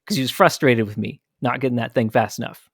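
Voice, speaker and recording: A man's voice: mid-range voice, fast talker, husky, dry recording, studio quality. Candid man telling a personal story. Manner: candid, reflective. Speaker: podcast host.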